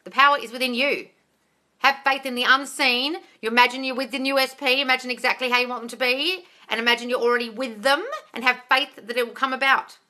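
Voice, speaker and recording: A woman manifesting coach hosting a casual live Q&A, gushing and excitable, calling listeners darling and swearing freely. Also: sits high, quick pace. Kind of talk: casual live-stream Q&A, reading viewer comments.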